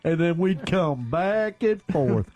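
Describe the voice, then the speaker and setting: For a radio comedy sketch, the host puts on a fake Southern drawl to play a goofy, crude redneck who is lovesick and woos in a sing-song way. The voice is warm, fairly high and animated, and the pace is slow.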